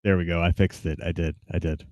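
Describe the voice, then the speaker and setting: Here a man streams a game and talks in a loose, meandering way, full of fillers and hesitation, typical of live-stream chat. His voice sits low with little pitch movement, brisk and a little mellow. Recorded on a desk mic with webcam, it has no room sound and the highs are cut off.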